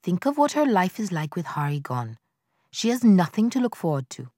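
A woman reading aloud, voicing a tired, gentle older father-in-law who speaks slowly. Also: on the low side, big pitch swings, dry recording, clean studio sound. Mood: weary. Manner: weary, slow.

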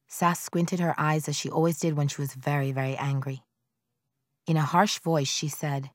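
A woman narrating a novel in the first person, in a measured, quiet storytelling manner. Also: low voice, fairly even intonation, no echo, clean studio sound. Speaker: audiobook narrator.

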